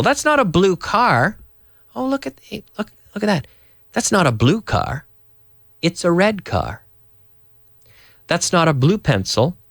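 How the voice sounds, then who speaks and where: A man teaching English to Spanish speakers, repeating words slowly and switching between both languages. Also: fairly high pitch, a bit bright, no room sound, clean studio sound. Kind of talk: bilingual English lesson.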